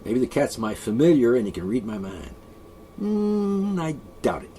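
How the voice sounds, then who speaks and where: A man's voice: lowish voice, very animated, a little fast, warm tone, slight background noise. A man vlogging an opinionated, rambling monologue, sarcastic and sighing often. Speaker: video blogger.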